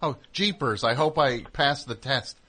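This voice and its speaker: A man's voice: mid-range voice, measured pace, sharp tone. A man hosting a radio show, rambling and joking, interrupting himself as he talks into a studio mic. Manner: rambling, jokey, self-interrupting. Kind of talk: casual radio monologue.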